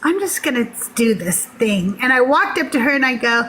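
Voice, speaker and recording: A woman telling a personal story in casual talk, animated and laughing often. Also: on the high side, moderate pace, few pauses, a little hiss or hum, rough recording. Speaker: podcast guest.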